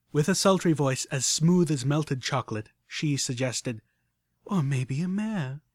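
A man narrating a story in the first person with expressive, animated delivery. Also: medium pitch, no room sound. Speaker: audiobook narrator.

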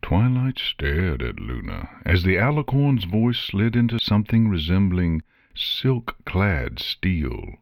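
A man reading a story aloud in a measured, expressive way. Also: low-pitched, gravelly, dry recording, studio quality. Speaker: narrator. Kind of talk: storybook narration.

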